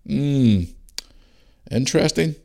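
A middle-aged man with a Northern Irish accent hosting his own podcast alone, ranting bluntly with lots of swearing and tired from a rough day. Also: medium pitch, slow, darkish tone. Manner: blunt and sweary, rambling rants. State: tired, yawning. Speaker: podcast host. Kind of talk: casual solo podcast chat.

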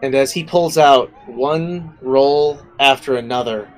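A man's voice: mid-range voice, slow, low-quality recording. A man narrating a tabletop game as game master, casual and rambling.

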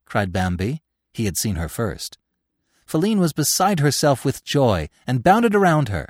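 A man hosting a podcast and giving a measured, expressive reading of a classic story. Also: medium pitch, no echo, clean studio sound. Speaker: audiobook narrator and podcast host. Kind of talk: scripted audiobook narration.

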